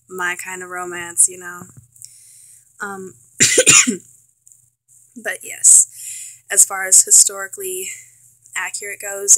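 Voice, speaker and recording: A woman's voice: medium pitch, pushed and bright, no echo, low-quality recording. A young woman giving a casual film review for a vlog, chatty and full of fillers, with wry self-mocking asides. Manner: chatty, filler-heavy, trailing restarts. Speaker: student vlogger.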